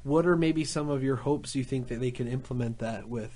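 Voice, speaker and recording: A man's voice: medium pitch, a little mellow, slight background noise. A man co-hosting a radio talk show, chatting eagerly about games and new technology. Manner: enthusiastic, quick reactions. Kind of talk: casual radio chat.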